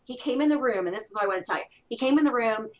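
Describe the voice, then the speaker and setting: A woman's voice: fairly high pitch, lively intonation, very fast. A woman telling her own story as an interview guest, in an emphatic way that circles back and repeats itself. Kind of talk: personal testimony. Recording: dull lo-fi recording.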